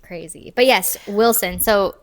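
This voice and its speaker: A woman's voice: medium pitch, unhurried, slight background noise. A woman in her thirties co-hosting a podcast, chatting casually and giggling as she trails off mid-sentence. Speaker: podcast co-host. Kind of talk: casual chat recapping a movie.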